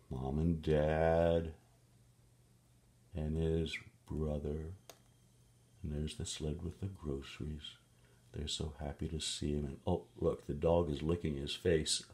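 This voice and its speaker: A man's voice: extremely low pitch, dark tone. A man reading a picture book aloud to a child, playful, with gasps and little sung sound effects.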